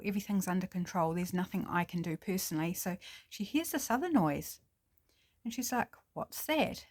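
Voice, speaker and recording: A woman's voice: medium pitch, darkish tone. Chatty New Zealand woman telling a story. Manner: chatty, with fillers and self-corrections. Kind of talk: casual improvised storytelling.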